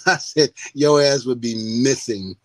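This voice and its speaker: An older man chats as a podcast guest, animated and quick to laugh, swearing as he goes. His voice sits at a middle pitch. The sound is dry and close. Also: no echo. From United States. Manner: animated storyteller who laughs often and swears freely. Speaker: guest, former wrestler. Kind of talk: casual podcast chat.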